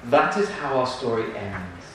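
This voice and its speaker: A man's voice: medium pitch, big pitch swings, a little slow. A man reading a rhyming picture book aloud to a live audience, playful and joking between pages and laughing often. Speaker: reader at a live storytelling event. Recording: echoey room, distant mic, background noise.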